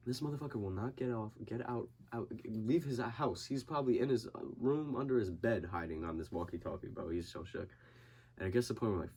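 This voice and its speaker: His medium-pitched voice is husky and darkish, animated and brisk. A young boxer on a podcast, he chats casually, curses constantly, and imitates his friend's panicked voice while telling a story.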